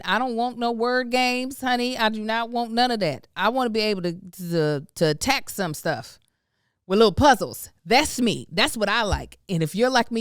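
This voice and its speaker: A woman's voice: fairly high pitch, clean tone, no echo, studio quality. A woman podcast host doing casual ad reads and chat, with playful asides.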